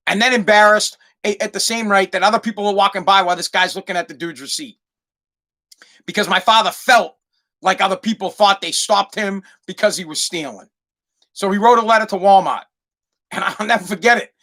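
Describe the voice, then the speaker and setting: A man's voice: high voice, moderate pace, pushed and bright. A man from Massachusetts hosting a solo podcast, rambling through a profane comic rant and repeating himself as he goes. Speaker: podcast host.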